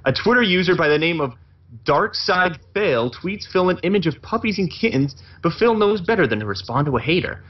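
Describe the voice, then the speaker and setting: A man's voice: sits high, very animated, a little fast. A man narrating a comedic parody story aloud, stumbling and correcting himself as he reads. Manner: reading aloud with slips and self-corrections. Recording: muffled lo-fi recording.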